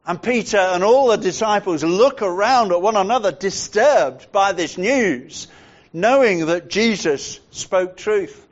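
A man preaching a sermon in a measured way, dropping to a hushed voice to stress points. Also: sits high, lively intonation, lo-fi sound.

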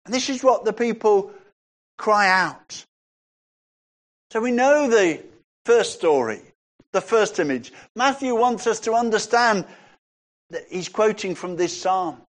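A man preaching a sermon, reading scripture passages aloud and rising in pitch when he stresses a point. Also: lively intonation, measured pace.

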